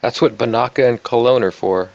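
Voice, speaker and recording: A man's voice: mid-range voice, a little fast, a little mellow, no echo. A man tossing off wisecracks in a casual chat. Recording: dull lo-fi sound.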